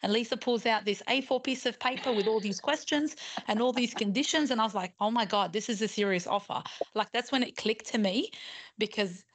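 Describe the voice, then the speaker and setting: A woman chatting as a guest on a podcast, recounting events excitedly and quoting herself with loud exclamations. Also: fairly high pitch, a little fast. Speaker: intended mother, podcast guest. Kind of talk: casual podcast chat.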